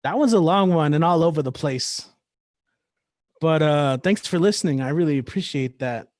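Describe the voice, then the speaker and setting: A man's voice: fairly high pitch, animated, normal speed, a little mellow, no room sound, clean studio sound. A man hosting a livestreamed open mic from home over a computer mic, performing rhythmic spoken word poetry full of wordplay and then teasing a guest in casual talk. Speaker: open mic host and poet.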